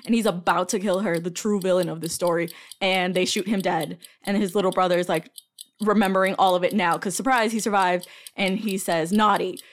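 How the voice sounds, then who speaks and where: A woman's voice: mid-range voice, steady tone, brisk. A woman co-hosting a casual film podcast, rambling through plot summaries with casual swearing. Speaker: podcast co-host. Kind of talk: casual chat about films.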